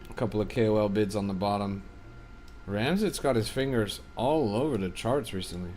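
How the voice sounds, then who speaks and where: A man's voice: on the low side, moderate pace, darkish tone, slight background noise. A man streaming as a crypto trader, giving casual, offhand livestream commentary that is often profane as he reads and answers his chat.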